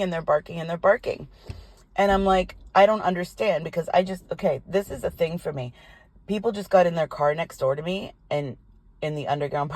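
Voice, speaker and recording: An older woman, a tarot reader, telling a personal story in an animated, indignant way, with some swearing. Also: fairly low pitch. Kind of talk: casual storytelling vlog. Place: parked car.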